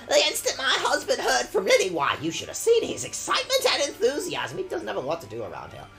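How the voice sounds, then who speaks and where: A man's voice: very high voice, huge pitch swings, quick pace, creaky, sharp tone, soft background music, pitched above the performer's own voice, heavily acted. A man voicing a genteel elderly woman, a trainer's chatty wife, with a sweet, mannered lilt and snippy asides. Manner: sweet, mannered old-lady reading with snippy ad-libs.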